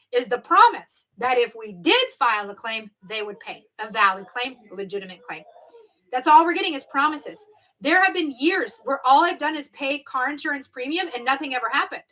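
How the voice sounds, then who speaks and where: Emphatic, bright-voiced woman instructor. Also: high voice, low-quality recording. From United States. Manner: emphatic, repeats key words, drills the difference. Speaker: exam prep instructor. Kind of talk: live-streamed exam review lesson.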